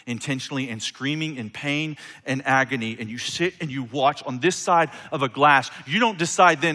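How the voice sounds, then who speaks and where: Impassioned preacher in a reverberant hall. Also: male voice, medium pitch, normal speed, few pauses. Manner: impassioned, swings from loud emphatic to quiet intimate. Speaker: pastor. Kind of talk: sermon.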